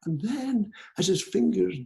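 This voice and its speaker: Older Scottish man, storyteller, very gravelly voice, a bit high, rhythmic, unhurried. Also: lively intonation, mellow. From Scotland. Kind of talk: traditional folk tale telling. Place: living room of an apartment.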